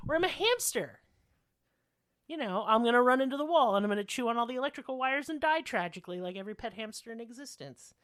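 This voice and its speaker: A woman's voice: medium pitch, fairly bright tone, dry recording, studio quality. A woman co-hosting a podcast in casual chat, sassy, profane and self-mocking. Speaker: podcast co-host.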